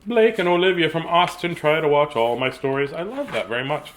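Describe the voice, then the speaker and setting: A man's voice: on the high side, sing-song, brisk, fairly bright tone. A middle-aged man hosting a live-streamed children's storytime, chatty and playful, easily sidetracked and greeting young viewers by name. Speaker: children's book reader and show host.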